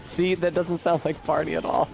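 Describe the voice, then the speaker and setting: A man's voice: on the high side, little pitch movement, normal speed, creaky, darkish tone, soft background music. A man streaming a video game, chatting casually in a rambling, profane, self-deprecating way. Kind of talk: casual gameplay commentary.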